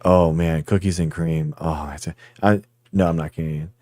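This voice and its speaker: A man hosts a livestream with a low, mellow voice, chatting loosely and rambling as he answers his viewers directly. The sound is dry and close, with no room echo. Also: fairly even intonation, moderate pace. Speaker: livestream host. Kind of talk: casual livestream chat with viewers.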